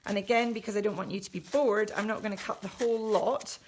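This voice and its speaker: A woman's voice: medium pitch, steady tone, fast talker, a little mellow, slight background noise. A woman at home walking children through a craft, chatty and jokey, narrating each step as she works. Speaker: children's book author leading a craft.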